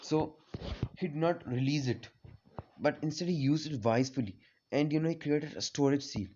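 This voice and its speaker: A man's voice: a little high, moderate pace, noisy background. A man casually retelling a fan story, rambling with many fillers. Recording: slightly dull lo-fi audio.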